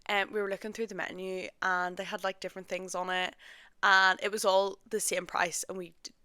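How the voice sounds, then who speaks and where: Young woman, podcast host, casual self-deprecating chat, bright tone, dry close sound. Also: medium pitch, level tone, brisk, clear, resonant tone, no room sound. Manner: chatty, self-deprecating, heavy use of "like".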